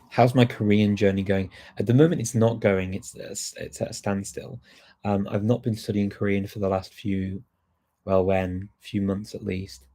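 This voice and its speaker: A man hosting a casual live question-and-answer session on language learning, relaxed and chatty with frequent ums and restarts. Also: fairly low pitch, slightly rough.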